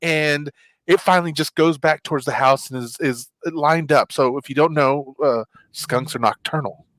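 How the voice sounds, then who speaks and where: A man's voice: a little high, normal speed, a bit bright, no room sound. A man hosting a casual chat show, telling a story animatedly and acting out his own reactions. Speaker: show host.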